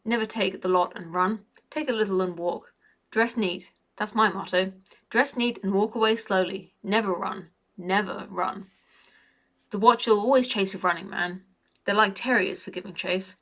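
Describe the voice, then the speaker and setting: A woman's voice: mid-range voice, fairly bright tone, lightly acted. A woman voicing a neat, precise middle-aged male crook who lectures in a prim way.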